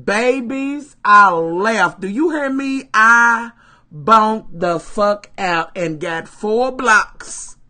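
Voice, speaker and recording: A woman telling a story to her live stream viewers, animated and full of profanity, calling them "y'all". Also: on the high side. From Kentucky, USA.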